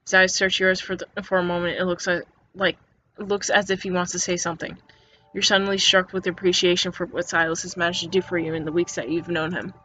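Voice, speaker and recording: In a lowish, level voice that's brisk and sharp, a woman narrates an interactive story game in second person, often stumbling and restarting words. The recording is dull and lo-fi, with faint music plus a little hiss or hum.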